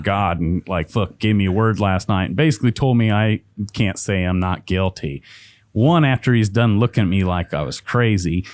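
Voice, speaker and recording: A man's voice: fairly low pitch, a little mellow, no echo. A man telling his life story as a podcast guest, speaking intensely and emphatically, swearing freely. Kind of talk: personal storytelling.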